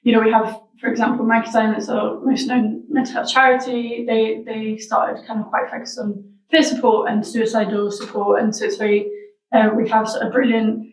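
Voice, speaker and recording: A woman's voice: on the high side, little pitch movement, moderate pace. A woman being interviewed about her wellbeing social enterprise, talking reflectively and searching for her words. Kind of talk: casual interview chat. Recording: roomy sound, mic at a distance.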